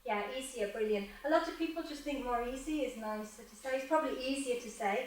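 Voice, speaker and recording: A woman with a Manchester accent teaching English, lively and joking as she quizzes her students by name. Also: on the high side, fast talker. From England. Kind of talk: classroom lecture with questions to students. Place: university lecture room. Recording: echoey lecture hall, voice from a distance, faint noise.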